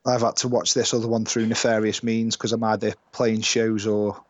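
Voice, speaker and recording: A man's voice: fairly low pitch, completely flat delivery, normal speed, highs cut off. A British man in his thirties, a musician, telling stories and swearing freely in casual podcast chat. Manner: sweary, storytelling, laughing often. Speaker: band musician guest.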